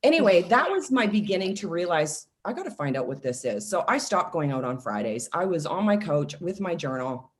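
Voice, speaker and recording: A woman in her forties, a self-love coach, talking casually and telling personal stories with lively acted-out quotes. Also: fairly low pitch, brisk, few pauses. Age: 40s. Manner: animated storytelling, acts out quoted voices. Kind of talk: casual podcast conversation.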